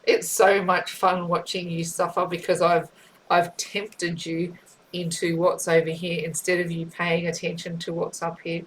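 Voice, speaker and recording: A sneering male devil who delights in tempting people and laughing at their losses, put on by a woman in a lowish voice. his taunts come slow and gloating. a faint hum sits behind him. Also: little pitch movement, close to an everyday voice, poor audio.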